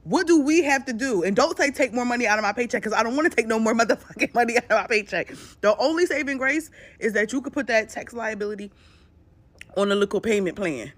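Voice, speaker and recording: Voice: mid-range voice, lively intonation, quick pace, fairly bright tone. A speaker in a ranting social media clip, emotional and profane, joking and then taking it back.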